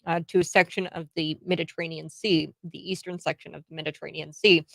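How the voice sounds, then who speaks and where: An American woman hosts political commentary in an indignant, emphatic way, stumbling over fillers and restarts. Her voice sits a little low with a gravelly edge. The recording is dry and close. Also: little pitch movement, quick pace, dry recording. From United States. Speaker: host.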